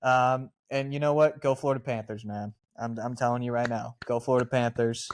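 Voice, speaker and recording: A man's voice: mid-range voice, little pitch movement, fairly quick. A man with a Southern US accent co-hosting a sports podcast, talking in an emphatic, rambling way with many fillers and restarts. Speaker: podcast co-host. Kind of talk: casual sports talk.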